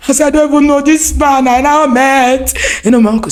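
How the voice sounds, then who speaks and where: A woman in her forties with a Nigerian accent, telling a lively, laughing story as a podcast guest. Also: high-pitched, a little fast. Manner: animated, laughing, acts out voices in her story. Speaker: guest, wife telling how the couple met.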